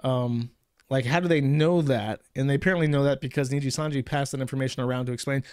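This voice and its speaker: A man's voice: medium pitch, fairly even intonation, fast talker, darkish tone, clean tone, dry recording, studio quality. A man hosting a show, ranting in casual commentary with a sarcastic, profane manner. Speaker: show host.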